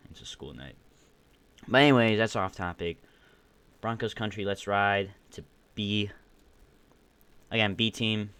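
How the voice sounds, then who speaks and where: A man's voice: sits low, fairly bright tone. A young man hosting his own podcast stream, rambling casually with opinionated takes, a bit groggy and burping. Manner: rambling, opinionated, many restarts. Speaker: podcast host ranking football teams. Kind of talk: casual solo stream commentary.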